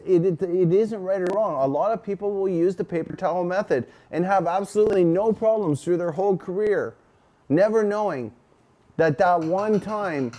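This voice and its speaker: A man's voice: sits high, dark tone. A man in his forties with a Canadian accent, hosting a casual, profane, rambling livestream chat. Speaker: host.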